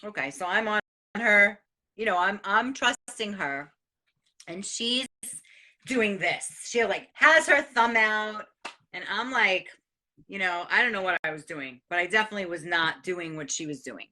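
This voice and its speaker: A middle-aged woman from New gives an excitable, profane motivational monologue as the host. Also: mid-range voice, a little slow. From New York. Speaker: host sharing life advice.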